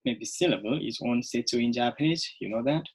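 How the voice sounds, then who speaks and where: Guy teaching english online, kinda husky voice, slow and repeats stuff, keeps saying okay. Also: medium pitch, poor audio. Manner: slow, repetitive, checks in with "okay?". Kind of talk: recorded online English lesson.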